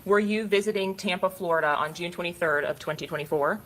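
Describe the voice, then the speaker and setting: A woman attorney questioning a witness in court in a measured, formal way. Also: fairly low pitch, a bit bright, slight background noise, poor audio. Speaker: prosecuting attorney.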